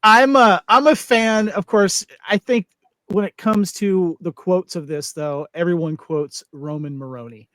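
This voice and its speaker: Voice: medium pitch, unhurried, fairly bright tone, dry recording. A podcast host leading a casual movie chat, prompting the others and laughing often.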